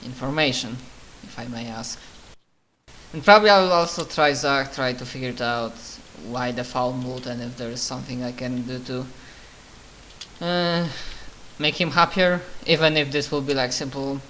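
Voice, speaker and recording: A man at a tabletop game explaining his character's moves carefully, with slightly non-native phrasing. His bright voice sits at a middle pitch. A faint hiss runs under it. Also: steady tone, normal speed, low-quality recording. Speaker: player.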